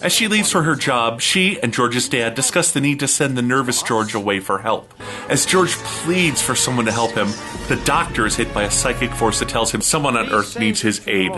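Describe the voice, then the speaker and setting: A man hosting a comedy review show, giving a snarky, deadpan recap narration. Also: medium pitch, moderate pace, over music.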